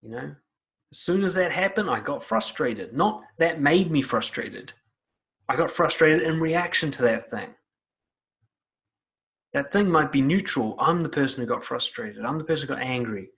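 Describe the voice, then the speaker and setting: A man's voice: on the high side, expressive, normal speed, fairly bright tone. A man giving blunt, profane self-help advice straight to the listener. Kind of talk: direct-to-camera advice talk.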